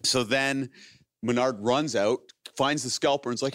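A man's voice: mid-range voice, normal speed, a bit bright, no echo, clean studio sound. A man in his late thirties, a podcast host, telling a long story in casual chat, laughing often and acting out the voices of the people in it. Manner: rambling, laughing, acts out quoted voices.

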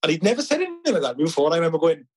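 A man's voice: fairly high pitch, huge pitch swings, racing, breathy edge, low-quality recording. A middle-aged man from Wales, a filmmaker guest chatting casually in an interview, telling anecdotes with many restarts.

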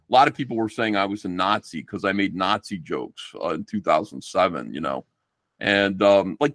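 A middle-aged man talks casually as a podcast guest, animated and swearing, acting out quoted exchanges as he goes. His pitch swings widely. The recording is dry, with no room sound.

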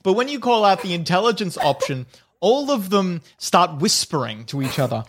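A rambling, giggly game master. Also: male voice, high-pitched, very animated, normal speed. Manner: loose, rambling narration with fillers and giggles. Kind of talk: narrating a tabletop game.

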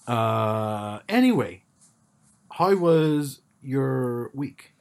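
A man's voice: mid-range voice, very animated, drawn-out words, gravelly. A man co-hosting a casual chat podcast, talking hesitantly and often repeating words as he starts sentences. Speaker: podcast co-host.

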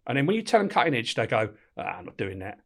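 A middle-aged Englishman, formerly a prison officer, tells prison stories in casual chat, speaking quickly in a mid-range voice with vocal fry. He swears constantly, stays animated, laughs as he goes and acts out the dialogue.

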